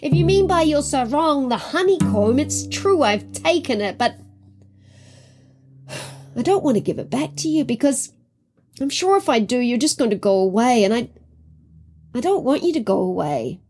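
Woman voicing hot-headed young villager, storybook telling, high and lively. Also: normal speed, pauses often, breathy edge, faint music behind. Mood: pleading.

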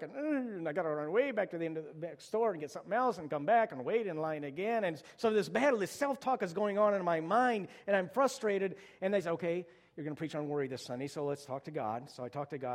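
A man's voice: a little high, in a large hall. A middle-aged male pastor preaching a sermon, telling stories conversationally and rising to urgent exhortation.

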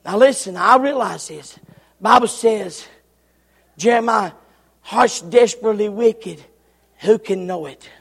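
A man preaching a revival sermon in a church, swinging from shouted lines to hushed, near-whispered ones. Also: high voice, unhurried, gravelly, long pauses, breathy edge. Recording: church hall reverb.

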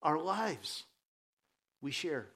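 A man's voice: fairly high pitch, sing-song, very slow, a bit bright. A male pastor preaching a sermon, telling stories and jokes, his voice rising and dropping with the points he makes.

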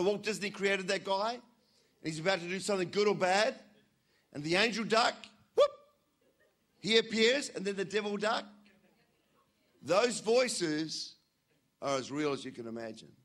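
A male preacher giving a sermon in a slightly high voice. He tells stories with energy, swinging between loud bursts and quiet asides.

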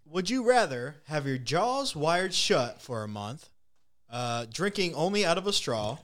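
A man's voice: a little high, sing-song, measured pace, fairly bright tone. A man co-hosting a casual podcast, crude and joking, swearing freely. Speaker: podcast co-host.

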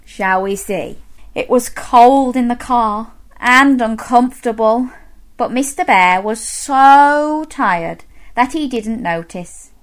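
A woman's voice: a little high, takes it slowly. A woman reading a picture book aloud to young children, playful and encouraging, inviting them to join in with sounds. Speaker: children's storyteller.

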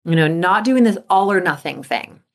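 A woman hosting a motivation podcast as a coach. She talks in an upbeat way and acts out inner thoughts in a lively voice. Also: on the low side, moderate pace.

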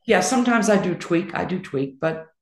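Interviewed about her work, a poet and songwriter talks candidly, emphatically and without holding back. Her lowish, slightly mellow voice moves with lively intonation at a moderate pace, and the room sounds echoey.

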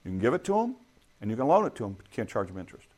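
A man's voice: mid-range voice, sing-song, rapid-fire, a little mellow. A middle-aged man preaching a sermon in a conversational way, asking his listeners rhetorical questions. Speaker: pastor.

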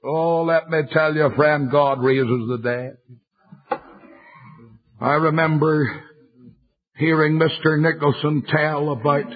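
An older man preaching a fiery revival sermon, telling stories and rising into shouts. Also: on the high side, husky. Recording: muffled lo-fi sermon recording.

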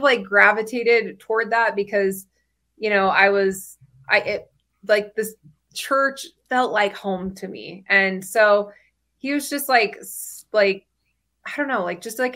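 Bright-voiced woman telling her story. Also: medium pitch. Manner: chatty, frequent "like" fillers, laughs between phrases. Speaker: podcast guest. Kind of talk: personal storytelling interview.

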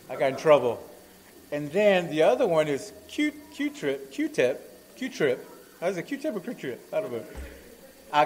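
A man preaching a sermon in a fairly high voice. His pitch rises and falls widely as he presses his points and asks the congregation rhetorical questions. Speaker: pastor.

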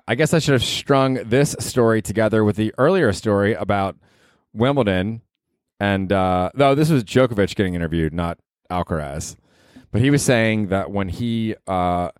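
A man talking through a casual solo podcast, wandering from story to story, dropping swear words and chuckling at himself. His voice sits fairly low, and the sound is dry and close, with no room around it. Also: darkish tone, no room sound. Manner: rambling, swears casually, laughs at own jokes. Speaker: podcast host.

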